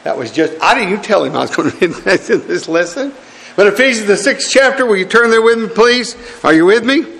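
A man's voice: sits high, expressive, fairly quick, creaky, a bit bright, big-room sound. A man preaching a sermon in a church, folksy and pleading with his congregation, chuckling as he goes.

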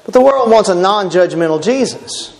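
High-voiced preacher in a reverberant hall. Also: male voice, lively intonation, moderate pace, gravelly, darkish tone. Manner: emphatic, quotes scripture, mock voices of critics. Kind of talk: sermon.

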